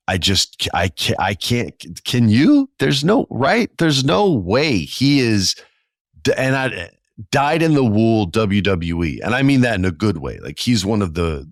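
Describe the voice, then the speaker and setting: A man in his forties with a low, deep voice, talking through a solo podcast episode. He tells stories with casual enthusiasm and slangy asides. The sound is dry and close, with no room around it. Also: dry recording. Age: 40s. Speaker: podcast host.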